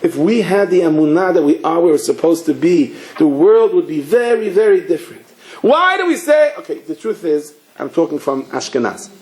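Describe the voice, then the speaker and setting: A rabbi giving a sermon, asking rhetorical questions and telling stories. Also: male voice, a little high, big pitch swings, normal speed, darkish tone. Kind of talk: sermon with storytelling. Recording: echoey room.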